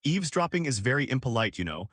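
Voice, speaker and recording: A man reading the lines of a calm, teasing young female gamer in a mild, smiling manner. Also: medium pitch, fast talker, no room sound, clean studio sound. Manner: mild, smiling, then cutting.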